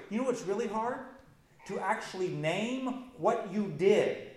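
Male pastor, mid-high voice, earnest emphatic sermon delivery, echoey room with faint hiss. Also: expressive, unhurried, darkish tone. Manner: earnest, emphatic preaching with rising intensity.

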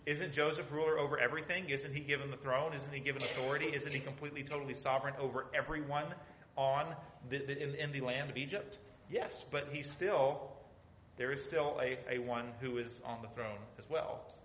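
Bright-voiced man teaching scripture, echoey room. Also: medium pitch, steady tone, a little fast, slight background noise. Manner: emphatic, asks the audience rhetorical questions. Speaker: Bible teacher. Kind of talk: Bible study teaching.

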